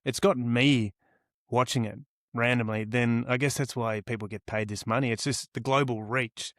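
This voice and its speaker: A man's voice: medium pitch, fairly even intonation, normal speed, fairly bright tone, no echo, studio quality. An Australian man co-hosting a podcast in casual chat, talking in rambling explanations and laughing easily. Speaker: podcast co-host.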